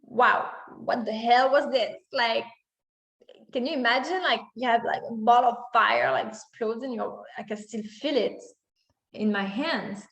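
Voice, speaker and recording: A woman's voice: a little high, a little slow, gravelly, a bit bright. A woman in her thirties telling a personal story in a monologue, acting out her own reactions with many fillers. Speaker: spiritual content creator. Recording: echoey room.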